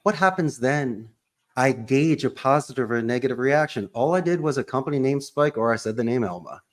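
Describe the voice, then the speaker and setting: Fairly quick and expressive in a medium-pitched voice, a podcast guest who owns a call center gives an animated interview. He speaks in an emphatic, punchy style and leans heavily on sports and pop-culture references.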